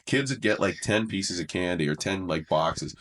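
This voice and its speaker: Comedian guest, young male, lower register, wry rambling storyteller in casual chat. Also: expressive, normal speed, a bit bright, slight background noise. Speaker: stand-up comedian, podcast guest.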